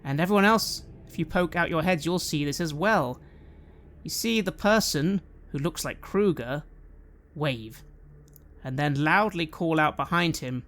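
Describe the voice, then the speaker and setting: A man narrating a tabletop role-playing game as game master, measured and descriptive. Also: fairly high pitch, fairly bright tone.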